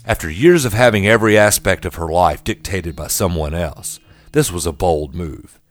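Deep-voiced male documentary narrator. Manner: measured, dramatic storytelling.

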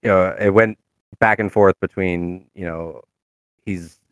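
A tabletop game player chats casually about his game character, rambling with lots of fillers and restarts. His low-pitched voice stays steady at a measured pace, captured as clean studio sound with no echo.

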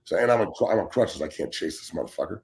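A man's voice: low voice, expressive, fast talker, gravelly, a little mellow. A man in his forties, a former football player and show guest, ranting bluntly and with heavy swearing, often restarting his words. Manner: blunt, heated and heavily profane; repeats words when starting sentences. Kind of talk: casual sports talk show rant.

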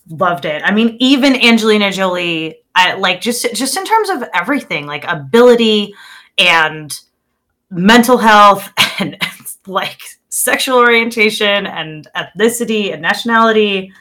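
A woman co-hosting a casual movie review podcast, animated and laughing often, sometimes fumbling for names. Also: mid-range voice, unhurried. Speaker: podcast co-host.

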